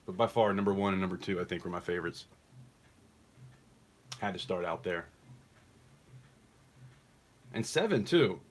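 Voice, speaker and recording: Male auction stream host, lower voice, casual bid calling, rambling chat. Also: lively intonation, moderate pace, pauses often. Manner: chatty, rambling asides between bid calls.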